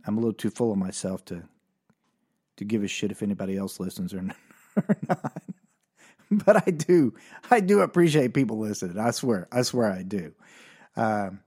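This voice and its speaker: A man's voice: medium pitch, a little mellow. A man hosting a casual comedic monologue, rambling and self-deprecating, with frequent restarts. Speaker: podcast host.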